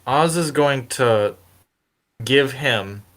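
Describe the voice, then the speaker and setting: A man's voice: mid-range voice, extremely slow, a bit bright. A man playing a tabletop game, talking casually and often restarting as he works out what his character does. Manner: casual, repeats phrases while deciding actions. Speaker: player.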